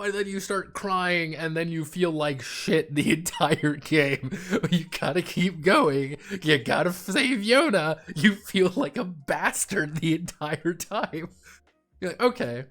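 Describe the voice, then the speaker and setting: A man streaming and chatting casually about games, rambling and swearing freely. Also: mid-range voice. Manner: rambling, profane, animated. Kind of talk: casual livestream chat.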